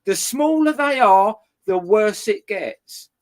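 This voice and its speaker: A guest telling a neighbour feud story in casual chat, swearing constantly and retelling scenes in an animated way. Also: mid-range voice, slow.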